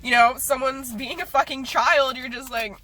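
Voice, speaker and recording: A woman's voice: high voice, normal speed, pushed and bright, slight background noise. A young woman in her twenties venting on a vlog, angry and profane while holding back tears. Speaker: vlogger. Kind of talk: emotional vlog rant.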